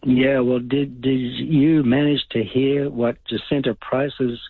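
A man's voice: medium pitch, steady tone, takes it slowly, breathy edge, no echo. An older man calling in to a radio show, giving blunt, rambling opinions. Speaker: caller. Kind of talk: casual talkback call. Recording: dry phone-line sound.

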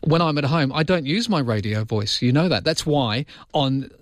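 A man's voice: mid-range voice, expressive, moderate pace, dry recording, studio quality. A man hosting a radio talk show, chatting casually and joking about himself. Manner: self-mocking, chatty, jokey. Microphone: studio mic.

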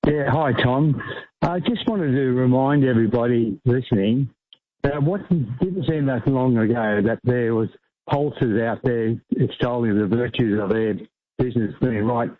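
Man, radio caller, halting, searching for words, tinny phone line. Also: mid-range voice.

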